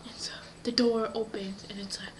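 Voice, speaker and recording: A woman improvising a story in an animated way, often dropping into breathy whispers. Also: medium pitch, normal speed, background noise.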